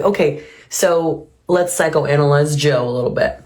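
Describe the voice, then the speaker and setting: A woman with a notably low voice talks through her reaction to a clip. Her delivery is earnest and reflective, thinking aloud as she goes. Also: unhurried, a little mellow. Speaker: reaction video host. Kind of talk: reaction commentary.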